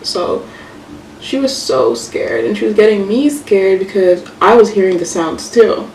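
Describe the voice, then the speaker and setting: A young woman vlogger telling a story casually while doing her makeup, chatty and animated, full of fillers and swearing. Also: medium pitch, a little slow. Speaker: beauty vlogger. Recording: echoey room, mic far off, faint hiss.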